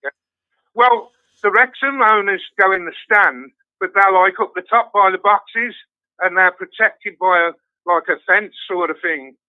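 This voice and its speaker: Sweary high-voiced older man on a phone line. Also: a little slow, dry recording. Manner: swears constantly, storytelling with laughs. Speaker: guest fan. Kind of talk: casual chat. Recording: dry tinny phone line.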